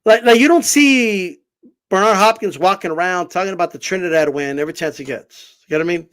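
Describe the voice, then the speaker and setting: A man talking boxing in a casual vlog, animated and swearing, rambling with lots of fillers. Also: sits high, a little fast. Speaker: boxing commentator.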